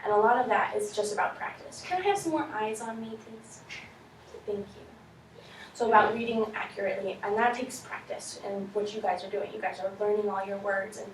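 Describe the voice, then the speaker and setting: A woman's voice: medium pitch, fairly quick. A woman teaching a class of children, asking questions and reading aloud to them. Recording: echoey room from far off, faint noise.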